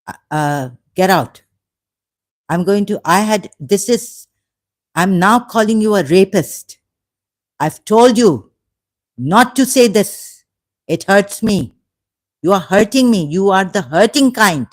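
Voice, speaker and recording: A woman hosting a live stream, slowly and indignantly scolding commenters in the chat. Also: medium pitch, expressive. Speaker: channel host answering live chat.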